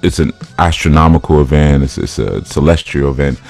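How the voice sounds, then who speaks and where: A man with a remarkably deep, low voice teaches in a relaxed, chatty way, joking as he goes. Soft music plays faintly in the background. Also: fairly quick, creaky. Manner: loose, joking, conversational. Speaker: spiritual teacher. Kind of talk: casual spiritual talk.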